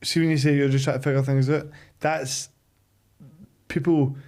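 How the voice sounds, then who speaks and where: Flat, mellow man hosting. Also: medium pitch, moderate pace. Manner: hesitant, repeats words. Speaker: podcast host. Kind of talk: heartfelt casual chat.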